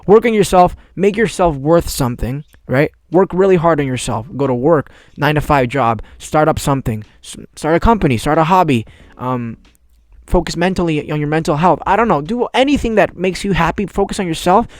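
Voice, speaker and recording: A man's voice: a little high, a little fast, no echo. A man in his twenties hosting a casual solo podcast, rambling in laid-back slang with cursing. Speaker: podcast host.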